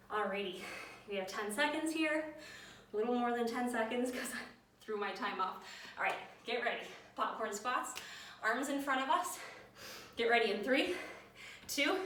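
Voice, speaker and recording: A woman fitness instructor coaches a workout, out of breath, energetically counting down and cueing moves. Her voice is mid-range and a bit bright, with slight background noise. The mic is at a distance in an echoey room.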